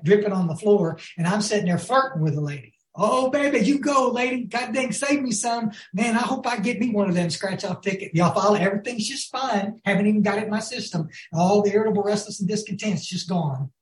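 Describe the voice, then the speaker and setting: A man giving a recovery talk to a group, telling folksy stories and often asking his listeners if they follow. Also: sits high. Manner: folksy storytelling, addresses the audience as y'all. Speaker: recovery speaker. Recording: roomy echo.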